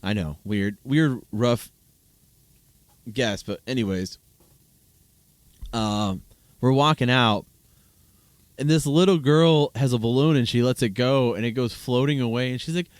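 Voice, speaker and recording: A man's voice: medium pitch, a little slow, long pauses, no room sound. A man in his thirties hosting a solo podcast, chatting casually in a rambling, amused way with frequent restarts. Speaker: podcast host. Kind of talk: solo casual podcast chat reacting to videos.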